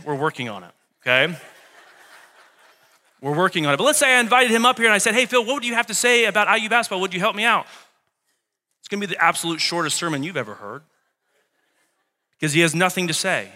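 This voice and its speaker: A man's voice: high-pitched, pushed and bright. A male pastor preaching a Sunday sermon, conversational and joking, repeating key lines for emphasis. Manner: conversational, with humor and asides. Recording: long reverb of a hall.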